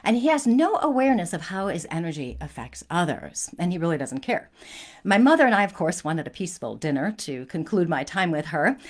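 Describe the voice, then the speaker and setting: A woman's voice: lowish voice, big pitch swings, fairly quick. A woman hosting a spiritual talk, telling a personal story in an earnest, conversational way with frequent restarts.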